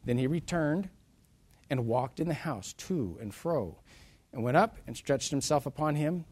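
A man preaching a sermon. He reads scripture in old-style wording, then retells it in plain, casual words with dramatic swings between loud and soft. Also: medium pitch.

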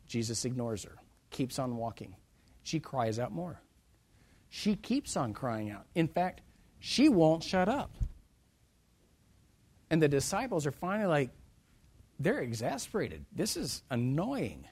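A man preaching a sermon in a slightly raised register. He reads scripture in old-style wording, then retells it in plain everyday words. His delivery is dramatic, swinging between loud emphasis and soft asides. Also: a little high, wildly swooping pitch, measured pace, pauses often, slightly rough.

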